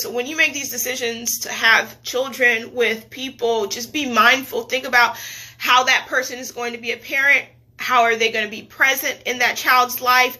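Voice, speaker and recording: A woman vlogger talking earnestly to camera in a personal video diary, halting and emotional. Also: on the high side, pushed and bright. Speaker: lifestyle vlogger.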